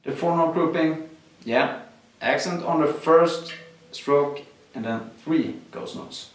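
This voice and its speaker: A man's voice: fairly high pitch, takes it slowly, background noise. A man teaching a drum lesson, explaining exercises step by step with frequent fillers. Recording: echoey room, mic at a distance. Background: drums played between explanations.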